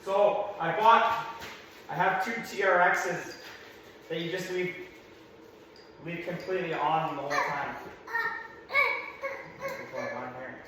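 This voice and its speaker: A slightly hoarse man coaching through a workout, giving practical cues in a large gym. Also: sits high, fairly even intonation, unhurried, pauses often, noisy background. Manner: practical, coaching cues, talks to his son in asides. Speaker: strength coach. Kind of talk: instructional workout walkthrough. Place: large echoey gym, indoors. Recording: echoey gym from a distance.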